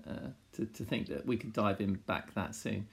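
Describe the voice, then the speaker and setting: A man with a gravelly, fairly low voice talks through a casual podcast chat. He speaks in a measured, hesitant way, with frequent pauses and restarts. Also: lively intonation. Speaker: podcast co-host.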